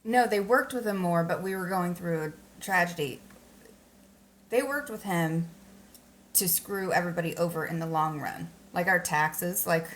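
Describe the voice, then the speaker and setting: A woman's voice: on the low side, normal speed, fairly bright tone. A woman who just woke up, chatting casually on a livestream and ranting about news while greeting viewers. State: just woken up, sleepy. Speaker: livestream host.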